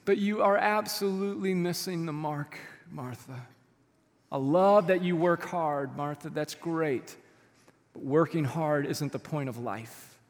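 A warm, gently chiding man, as a preacher puts him on, kind but firm as he corrects a friend. His voice sits high for a man and rings with a long hall reverb. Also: monotone, normal speed. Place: church sanctuary.

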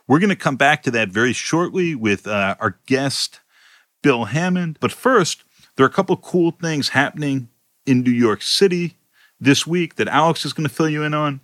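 A man's voice: mid-range voice, expressive, normal speed, a bit bright, dry recording. A man hosting a podcast, chatting casually about politics in a blunt, wry way and cutting in when he has a point to make. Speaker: podcast host. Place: home in a city, remote recording.

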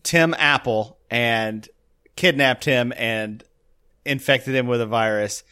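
A man's voice: medium pitch, takes it slowly, pushed and bright, clear, resonant tone. Rambling man hosting a casual chat. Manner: rambling, self-interrupting. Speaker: podcast host.

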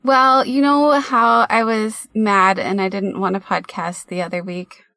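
A woman's voice: mid-range voice, steady tone, unhurried, sharp tone, no room sound. Playful, scatterbrained woman co-hosting a podcast. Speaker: podcast co-host. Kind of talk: casual podcast banter.

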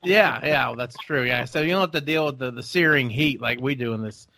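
A man co-hosting a podcast, a jokey, animated storyteller. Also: medium pitch, fairly quick, no room sound, studio quality. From Texas. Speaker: podcast co-host. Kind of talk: casual podcast chat.

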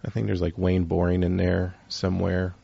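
Man, low pitched, gravelly, husky, rambling casual chat, lo-fi audio. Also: completely flat delivery, normal speed, warm tone. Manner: rambling, lots of "like".

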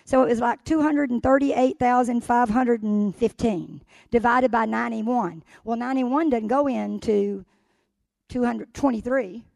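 An older woman preaching with fervent, repetitive exhortation, moving between hushed passages and loud cries. Her voice sits fairly high but carries a gravelly edge. The sound is close and dry. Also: no room sound. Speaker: guest preacher. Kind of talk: sermon.

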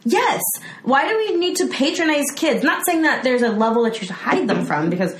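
Giggly young woman, lively voice, roomy. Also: sits high, fairly quick. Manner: bubbly, giggly, slips into silly voices. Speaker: podcast guest, improv performer. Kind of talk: casual chat. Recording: roomy with background noise.

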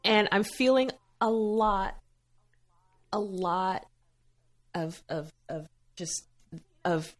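A woman's voice: lowish voice, steady tone, slow, long pauses. A woman co-hosting a podcast in casual chat, jokey and playfully dramatic. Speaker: podcast co-host.

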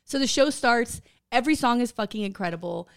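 Animated swearing woman, higher voice. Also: a little fast, clean tone. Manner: animated storyteller, swears freely. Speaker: podcast co-host. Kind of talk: casual chat.

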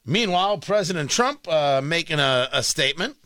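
A man hosts a talk radio show from a studio, his voice pitched high and bright against a dry, close microphone. He argues in short, combative bursts and hammers the same demand again and again. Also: lively intonation, normal speed, no echo. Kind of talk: opinionated talk radio monologue.

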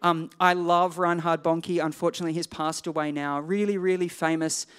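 A man's voice: a little high, little pitch movement, moderate pace, fairly bright tone, clean tone. A male pastor preaching a sermon in a conversational, digressive way with self-deprecating asides.

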